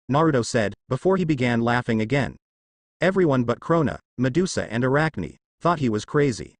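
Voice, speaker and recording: A man narrating a fan fiction story in a lively storybook manner. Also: medium pitch, moderate pace, no echo.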